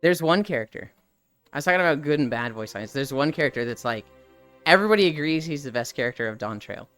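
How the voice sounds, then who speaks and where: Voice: medium pitch, expressive, fast, fairly bright tone, smooth, soft background music. A streamer chatting casually on a live stream about a video game, rambling and swearing freely.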